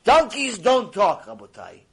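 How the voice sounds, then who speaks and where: Man, high-pitched, rabbi lecturing on Torah, playful storyteller who acts out voices. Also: unhurried, creaky, breathy edge. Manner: animated, acts out dialogue, conversational with Hebrew terms.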